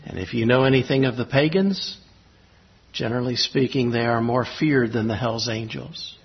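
Male preacher, mid-pitched, halting and reflective, muffled lo-fi recording. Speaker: pastor. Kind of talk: sermon with personal storytelling. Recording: slightly dull lo-fi recording.

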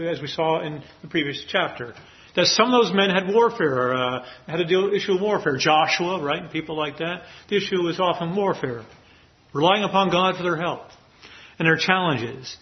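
A man teaching a Bible passage in a casual, rambling way, often asking "right?" and chuckling. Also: on the high side. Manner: rambling, many "right?" and "you know" asides, chuckles. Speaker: preacher teaching a Bible study. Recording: muffled lo-fi recording.

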